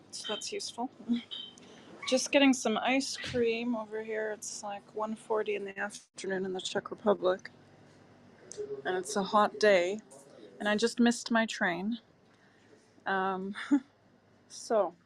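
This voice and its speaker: A woman chats easily on a video call, laughing between sentences at a middle pitch. Clear background noise runs behind her voice throughout. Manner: easygoing, laughing, chatty. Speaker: group participant. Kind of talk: casual chat. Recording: noisy call audio.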